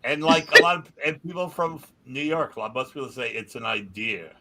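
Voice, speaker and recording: A man co-hosting a comedy podcast, making wry deadpan asides in casual chat. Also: a little high, fairly quick, heavy background noise. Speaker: podcast co-host.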